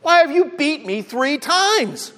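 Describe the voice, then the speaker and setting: A man's voice: extremely high pitch, very animated, slow pace, sharp tone, pitched above the performer's own voice, heavily acted. A man voicing a plaintive, indignant talking male donkey in a sermon story, pleading with his master. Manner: pleading, questioning. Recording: long hall reverb.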